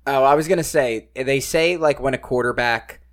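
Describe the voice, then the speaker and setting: A man's voice: medium pitch, normal speed. Rambling man in casual sports chat. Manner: rambling, leans on "like" and "you know". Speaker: podcast co-host.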